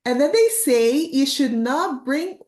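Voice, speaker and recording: Excitable high-voiced woman host. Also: slow. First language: Portuguese. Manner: excited, exclamatory. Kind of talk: hosting an online English class.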